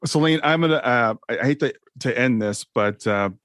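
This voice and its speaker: A man hosting a podcast interview, talking in a soft, affirming and thoughtful way. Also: mid-range voice, moderate pace, dry recording, studio quality. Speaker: podcast host. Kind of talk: casual interview chat.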